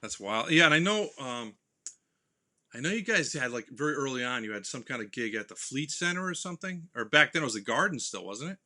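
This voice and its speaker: A male podcast host with a very bright, sharp voice. He throws jokey riffs back at his guest in loose, casual conversation. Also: medium pitch, expressive, brisk. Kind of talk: casual interview chat.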